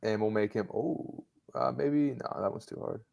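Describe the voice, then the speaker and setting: A man's voice: on the low side, moderate pace, creaky, darkish tone. A man co-hosting a stream, teasing his partner and reading out silly challenges. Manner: teasing, playful. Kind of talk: casual banter.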